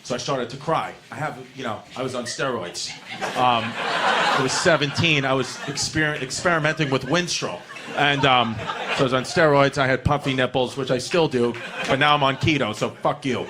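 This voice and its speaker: A man from New doing a stand-up set, telling a profane story and shouting his punchlines. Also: mid-range voice, normal speed, noisy background. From New York. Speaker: stand-up comedian. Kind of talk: stand-up routine. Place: comedy club stage. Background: audience laughter.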